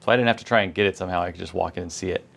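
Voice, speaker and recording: Fast-talking low-voiced man co-hosting a lesson. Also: gravelly, fairly bright tone. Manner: quick, chatty, storytelling with quoted asides. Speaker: co-host. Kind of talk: conversational tech lesson.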